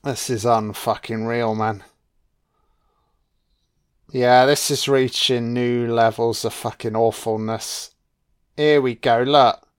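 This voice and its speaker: A man's voice: mid-range voice, fairly even intonation, slow pace, long pauses, clear, resonant tone. A man giving profane, sarcastic reaction commentary on a film.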